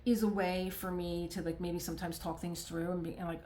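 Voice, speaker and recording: A middle-aged woman with a fairly low voice talks casually to her viewers, working through her thoughts aloud. She rambles and restarts, slipping into quoted asides as she goes. It sounds like a relaxed home vlog recorded in her art room. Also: fairly quick, few pauses, a little hiss or hum. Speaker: crafting vlogger. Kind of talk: casual talk to camera while diamond painting.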